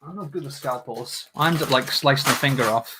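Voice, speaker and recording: A man's voice: mid-range voice, brisk, noisy background. A man hosting a casual livestream, chatting and joking with viewers as he builds. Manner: jokey, chatty, talks to viewers. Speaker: livestream host.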